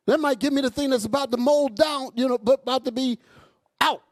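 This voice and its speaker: A man preaching a fiery, profane sermon to his congregation, calling out to them as he goes. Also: brisk. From United States. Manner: loud, animated, swings high and low, profane, asks crowd "y'all all right?".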